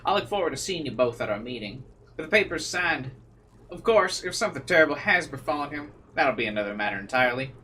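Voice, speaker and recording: A man's voice: fairly high pitch, animated, fast talker, sharp tone, a little hiss or hum. A man voicing a stiff, formal divorce attorney writing a letter with a veiled threat.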